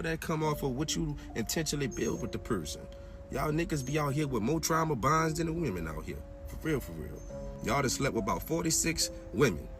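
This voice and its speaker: A man giving a casual, preachy spiritual monologue in heavy slang, asking "you heard me?" again and again and swinging from a low mutter to loud, raised outbursts. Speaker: spiritual talk host. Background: music.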